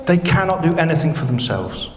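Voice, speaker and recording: A man's voice: fairly high pitch, very animated, brisk, darkish tone, a little hiss or hum. A man preaching a sermon, earnest and emphatic, pressing his points with rhetorical questions. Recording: echoey hall with long reverb.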